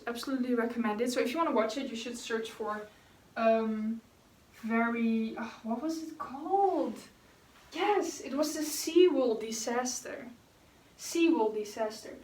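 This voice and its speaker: A woman's voice: on the high side, far from the mic. A young woman chatting casually and rambling while she paints, answering viewer questions with giggles. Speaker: vlogger. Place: room at home. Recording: echoey room, voice off-mic.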